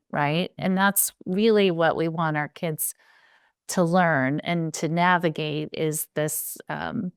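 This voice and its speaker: A woman's voice: sits low, smooth, dry recording, clean studio sound. A woman hosting a podcast interview, affirming her guest and asking loose, rambling follow-up questions. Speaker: podcast host.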